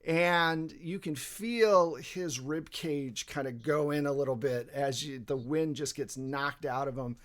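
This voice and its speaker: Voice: medium pitch, a little slow, few pauses. Give me a rambling, laughing game master with a mid-range voice. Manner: rambling, laughs often, filler-heavy. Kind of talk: running a tabletop game.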